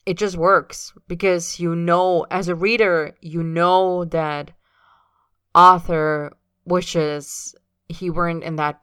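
A woman's voice: low-pitched, a bit bright, clear, resonant tone, no echo. Woman, audiobook reader, reflective casual afterword, dry close sound. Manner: reflective, musing. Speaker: podfic reader.

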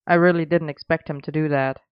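An earnest young man, protective and firm, as a storybook reader puts him on. The voice is smooth and clear. The recording is dry and a little dull. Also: medium pitch, fairly even intonation, a little fast, dry recording, close to an everyday voice.

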